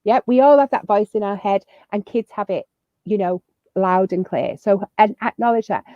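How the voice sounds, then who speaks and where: A woman's voice: medium pitch, expressive, moderate pace, dry recording. A woman giving chatty, upbeat parenting advice as a guest on a video call, with lots of fillers and restarts. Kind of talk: casual advice chat. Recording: slightly muffled lo-fi audio.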